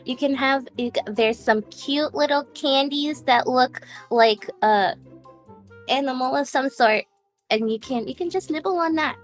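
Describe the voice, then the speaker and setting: A woman player in a tabletop game speaks in a quick, soothing way. Her voice is fairly high, with faint music in the background. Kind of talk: tabletop role-play.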